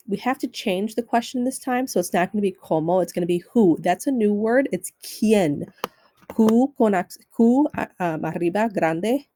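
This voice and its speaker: Mellow-voiced woman teaching on video. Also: mid-range voice, a little hiss or hum, rough recording. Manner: step-by-step instructional, repeats keyboard steps. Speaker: Spanish teacher. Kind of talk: recorded screen-share lesson.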